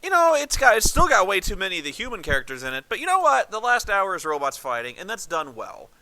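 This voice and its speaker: A man in casual chat, ranting with profanity in an animated way. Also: high-pitched, fast, no echo, rough recording. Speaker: guest critic.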